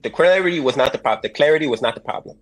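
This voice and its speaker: Podcast panelist, male, husky voice, rapid-fire and profane, pitch jumping all over in a heated argument. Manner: profane, animated, talks over others.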